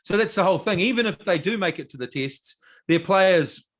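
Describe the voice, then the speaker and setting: A man co-hosts a sports podcast, his voice sitting noticeably high for a man. He talks bluntly and excitedly, swears freely and laughs easily in casual chat. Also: fairly quick. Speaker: podcast co-host.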